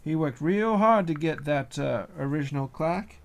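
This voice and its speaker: A man putting on a folksy hick drawl, gravelly. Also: fairly high pitch, lively intonation, moderate pace, pitched above the performer's own voice. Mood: nostalgic. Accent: put-on hick drawl.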